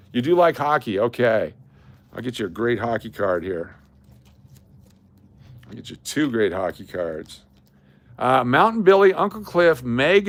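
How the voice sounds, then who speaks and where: A man hosting a casual live stream, chatty and repetitive, calling out viewers by name as he hands out prizes. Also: medium pitch. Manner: chatty, repeats names, calls out viewers. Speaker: livestream host running coin giveaways.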